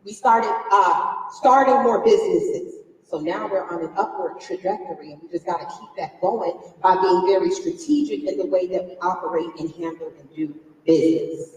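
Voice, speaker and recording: A woman's voice: on the low side, normal speed, hardly any pauses, darkish tone. Woman speaking in an echoey hall. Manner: conversational, quizzes the crowd, emotional personal story. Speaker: conference speaker. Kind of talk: motivational business talk to a live audience. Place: large conference hall stage. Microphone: distant from the recording mic. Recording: echoey hall captured from far off.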